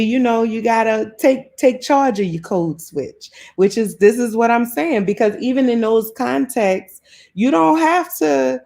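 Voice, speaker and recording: A woman's voice: fairly high pitch, dark tone. A woman from New Orleans with a New Orleans accent, chatting casually with viewers on a live stream and often laughing. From New Orleans, USA. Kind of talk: casual live chat reading comments. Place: South Florida home.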